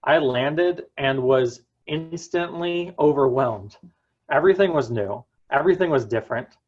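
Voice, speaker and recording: Young man, prepared personal talk, earnest storytelling, slow deliberate pace, dramatic pauses, muffled lo-fi sound. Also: a little high, a little mellow. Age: young adult. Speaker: student speaker.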